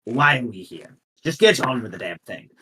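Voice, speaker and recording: A man's voice: mid-range voice, sing-song, normal speed, sharp tone, breathy edge, full character voice. A man voicing a grumpy, tired old male guild lord who complains impatiently. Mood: grumbling.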